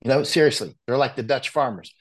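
An American man, a war correspondent guest, talking bluntly in a casual conversation, with frequent restarts and animated asides. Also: mid-range voice, quick pace. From United States.

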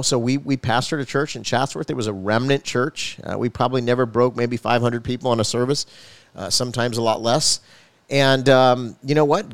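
A man's voice: mid-range voice, no echo. A male pastor telling his personal faith testimony in an earnest storytelling manner, building emphasis as he goes.

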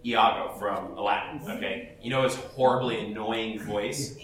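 A man's voice: on the low side, fairly even intonation, moderate pace, fairly bright tone. Blunt chatty man in an echoey hall. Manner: blunt, chatty, laughs often, restarts sentences. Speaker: professional cosplayer speaking at a panel. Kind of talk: casual advice talk to an audience. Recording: echoey hall, voice from far off, faint ambience.

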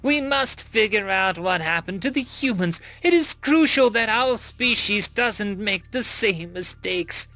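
A man's voice: high-pitched, lively intonation, a little slow, few pauses, bright, forceful tone, no echo, voice pushed up, full character voice. A man voicing an older male alien archaeologist who mentors a student, speaking sternly. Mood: urgent.

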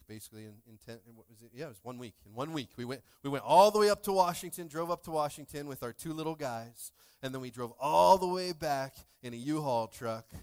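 A pastor speaks to his congregation in a loose, joking way and keeps asking them to answer back. His voice sits a touch high and sounds smooth and resonant, and he keeps the talk lively. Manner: joking, animated, talks to the congregation. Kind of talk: casual sermon.

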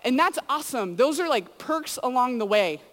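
A long hall reverb colors this clip of a woman preaching casually to students. Her voice is high, animated, and fairly bright, keeping a moderate pace. She's a youth speaker whose chatty stories lean heavily on "like" and "you know."

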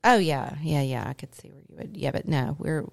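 A woman's voice: sits low, a little fast, vocal fry, dry recording, studio quality. A middle-aged woman, co-hosting a casual chat and telling stories with laughter. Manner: animated, laughing storyteller. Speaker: co-host.

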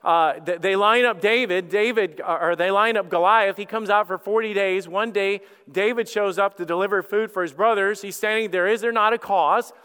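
A man preaching a sermon as lead pastor, telling the story in an animated way and acting out characters, heard with long hall reverb. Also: high-pitched, moderate pace, few pauses, clean tone.

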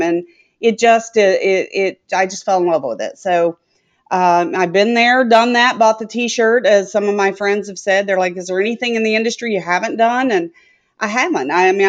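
Chatty middle-aged woman on lo-fi audio. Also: mid-range voice. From Tennessee. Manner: chatty, rambling, many filler sounds. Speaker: guest, sales consultant. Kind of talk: conversational interview. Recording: dull lo-fi audio.

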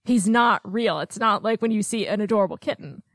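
A woman's voice: mid-range voice, a little fast, fairly bright tone, no room sound, studio quality. A woman co-hosting a casual film podcast, talking in a chatty way with frequent ums and light laughs. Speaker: podcast co-host.

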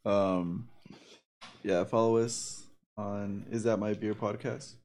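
A man's voice: fairly low pitch, fairly even intonation, slow, darkish tone, a little hiss or hum. A man hosting a podcast in casual banter, teasing and laughing constantly. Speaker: podcast host.

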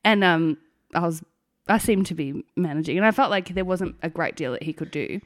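A woman's voice: fairly low pitch, a little fast, dry recording, studio quality. A woman telling a personal story in casual conversation, frank, swearing freely and laughing often. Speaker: guest sharing her birth story.

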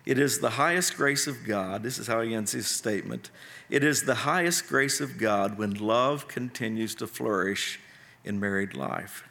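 A middle-aged male pastor giving an earnest sermon, with heartfelt pauses between his points. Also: on the low side, gravelly, pushed and bright.

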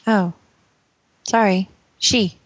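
Husky-voiced woman, dry and teasing. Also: mid-range voice, fairly even intonation, drawn-out words, no echo, muffled recording. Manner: dry, teasing, mock-scolding. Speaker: listener translating in audio submission.

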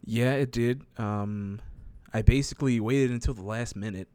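A man's voice: medium pitch, normal speed, darkish tone, smooth, no echo. A man in his late twenties co-hosting a podcast, chatting in a laid-back, chuckling way. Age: late 20s. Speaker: podcast co-host. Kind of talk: casual chat.

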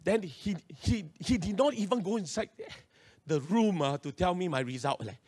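Here a man with a Singaporean English accent preaches as a pastor, sharing a personal anecdote in an animated way full of local slang. His voice is high and husky, at a normal speed.

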